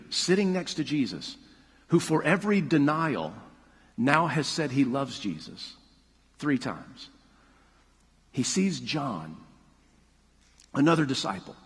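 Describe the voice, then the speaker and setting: Brief: male pastor, husky voice, mid-high pitch, long hall reverb. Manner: animated storytelling, hushed at the close. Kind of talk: sermon.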